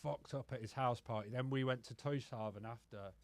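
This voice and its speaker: As a podcast guest, a man tells rambling, sweary personal stories in casual fashion, saying "mate" constantly. His voice is mid-range and a little fast.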